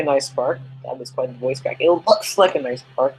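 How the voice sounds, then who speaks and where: A man's voice: mid-range voice, moderate pace, gravelly, a little mellow, a little hiss or hum, poor audio. A man hosting a casual livestream podcast, rambling and chatty as he answers viewers' questions. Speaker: podcast host reading live chat.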